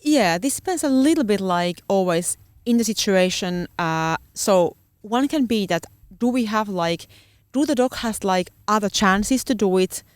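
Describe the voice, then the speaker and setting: A woman's voice: mid-range voice, expressive, measured pace, no room sound. Woman searching for words. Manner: searching for words, many fillers. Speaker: guest dog trainer. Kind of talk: casual podcast conversation.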